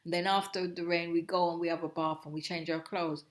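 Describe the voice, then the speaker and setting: A middle-aged woman from Jamaica, telling her own story as an interview guest in a reflective, halting way, often breaking off and restarting. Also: fairly low pitch, level tone. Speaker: guest, host's mother. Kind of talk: personal storytelling.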